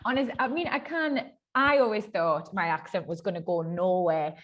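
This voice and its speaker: A woman's voice: on the low side, moderate pace, a bit bright, highs cut off, slight background noise. A Geordie woman in her thirties hosting a podcast, chatting casually and swearing freely. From North East England. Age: 30s. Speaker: podcast host. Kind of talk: casual chat.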